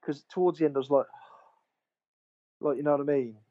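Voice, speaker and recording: A man co-hosting a podcast rambles casually through stories, swearing freely and retelling what he said to his mate. His voice is fairly high-pitched at a normal speed, and the highs are cut off in the audio.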